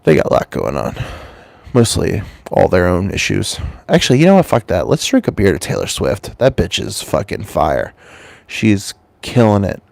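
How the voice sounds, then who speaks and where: A man's voice: sits low, huge pitch swings, moderate pace, creaky, dry recording. Stuffy-voiced man in a crude rambling rant. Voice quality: stuffy-nosed. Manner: loose, swearing, swings between mumbles and loud jumps. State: has a cold, congested. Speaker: channel host. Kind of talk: rambling crude comic monologue.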